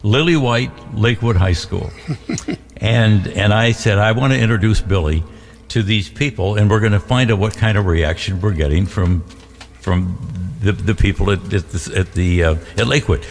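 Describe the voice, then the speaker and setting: An older man, a veteran radio DJ, tells stories in a halting, animated way during a casual studio chat. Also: fairly low pitch, creaky, big-room sound.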